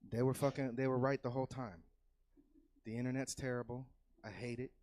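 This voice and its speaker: Male stand-up comic, casual and profane, average pitch, dry close sound, loud yelled punchlines. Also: flat delivery, brisk, no room sound. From California. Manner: loose, profane, swings into loud yelled bits. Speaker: stand-up comedian. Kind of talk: stand-up set. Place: comedy club stage.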